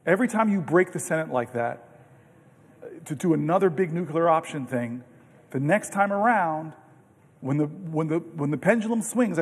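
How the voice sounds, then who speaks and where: Delivering a lengthy, off-the-cuff floor speech, this senator speaks in a strikingly high voice with earnest animation, stumbling into restarts as he recounts stories. The big legislative chamber gives his words a long reverb, picked up through a podium microphone.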